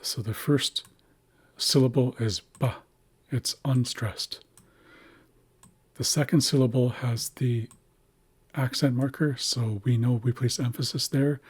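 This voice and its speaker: A man narrating a screen-share lesson, carefully explaining writing systems and slowly sounding out example words. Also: mid-range voice, slightly rough. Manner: careful, slow spelling-out of words. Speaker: language teacher.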